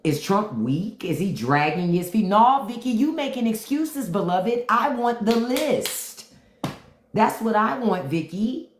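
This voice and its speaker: A woman's voice: mid-range voice, big pitch swings, measured pace, slight background noise. Blunt, taunting woman livestreaming in a roomy space. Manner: blunt, taunting, repeats her question to commenters. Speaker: podcast host on a livestream. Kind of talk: unfiltered livestream commentary.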